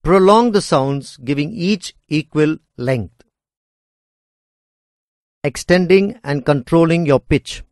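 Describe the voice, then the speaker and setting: A man reading a scripted lesson on speaking skills in a measured, deliberate way. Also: a little high, expressive, darkish tone, no room sound, studio quality. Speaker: instructor.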